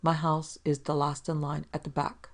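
A glamorous woman with a low, husky voice speaks slowly and tensely in a sly tone, as a narrator puts her on. Her voice is gravelly and even, as in a hardboiled 1940s crime storybook. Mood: strained.

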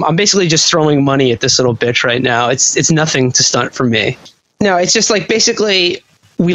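A man's voice: medium pitch, a bit bright, dry recording. A man co-hosting a comedy podcast, talking sarcastically and rambling in casual chat. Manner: sarcastic, rambling, quick jokes. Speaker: podcast co-host. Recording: dull lo-fi podcast audio, dry.

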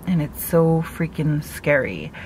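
A woman casually chatting in a mukbang vlog from a parked car, talking fast with lots of "like" and laughing at her own jokes. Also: low voice, very animated, creaky, darkish tone, a little hiss or hum. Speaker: vlogger.

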